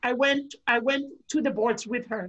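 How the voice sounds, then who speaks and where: High-voiced woman host, heartfelt. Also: steady tone, fairly quick, a bit bright. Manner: heartfelt, rambling storytelling. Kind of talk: casual interview chat.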